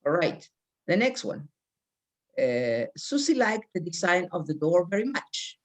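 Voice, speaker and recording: Lively-voiced woman teaching English grammar. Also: lowish voice, measured pace. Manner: reads example sentences aloud and calls on students by name. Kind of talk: online English grammar class.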